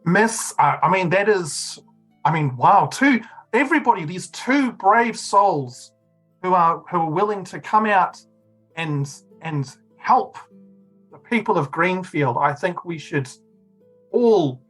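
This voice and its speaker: A man's voice: high voice, expressive, slow pace, a bit bright, faint music behind, heavily acted, poor audio. A man voicing a fussy male town official who stammers and gushes to a crowd. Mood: gushing. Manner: flustered, stammering, gushing.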